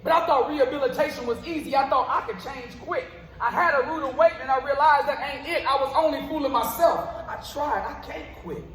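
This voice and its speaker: A man's voice: extremely high pitch, fairly quick, few pauses, fairly bright tone. A man performing spoken word poetry live on stage, with a rhythmic, rhyming delivery. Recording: roomy live venue with long reverb.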